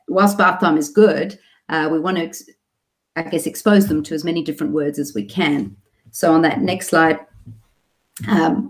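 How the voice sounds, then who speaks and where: A middle-aged Australian woman with a low-sitting voice, working as a speech therapist, talks to parents in a clear, practical way. Now and then she slips into a demonstration voice.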